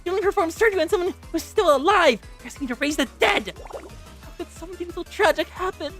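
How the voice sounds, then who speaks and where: A woman voicing a reclusive, prickly young librarian girl who speaks in a low, hushed mutter. Faint music plays underneath. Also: animated, quick pace. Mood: distraught. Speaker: library committee president.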